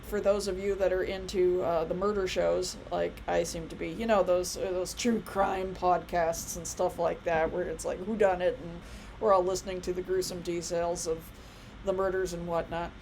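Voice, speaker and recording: A woman's voice: fairly low pitch, flat delivery, moderate pace, vocal fry, a little mellow, slight background noise, rough recording. A woman in her thirties giving a casual biology lecture, chatty and rambling with many fillers and asides. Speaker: college biology instructor.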